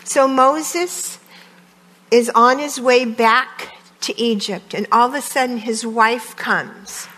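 A woman with a somewhat high, breathy voice retells a Bible story slowly and casually. She pauses on "um"s as she goes. A long reverb trails behind her words, as in a large hall. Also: a bit bright. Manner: homey, conversational retelling with frequent "um"s.

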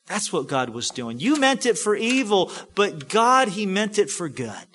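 A man preaching a sermon as a pastor, acting out scripture scenes with big swings from hushed to loud. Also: a little high, very animated, a little slow.

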